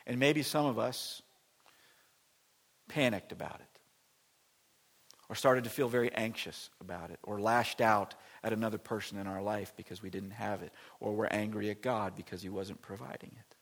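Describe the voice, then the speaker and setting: A man preaching a sermon in church, emphatic, with dramatic swings from loud declarations to hushed near-whispers. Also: fairly low pitch, normal speed. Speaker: pastor.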